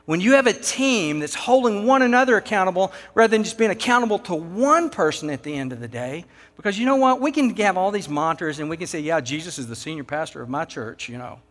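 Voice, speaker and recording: A high-voiced Texan man preaches with emphatic rhetorical questions, his voice ringing through a large hall. The long reverb trails each line. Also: big pitch swings, fast talker, hardly any pauses, fairly bright tone. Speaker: pastor. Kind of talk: sermon.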